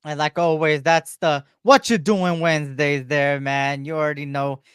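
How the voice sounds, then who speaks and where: A man's voice: fairly high pitch, fairly even intonation, normal speed, fairly bright tone, smooth, dry recording, studio quality. A man co-hosting a casual sports podcast in a laid-back way, often dropping "man" into his sentences. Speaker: podcast co-host.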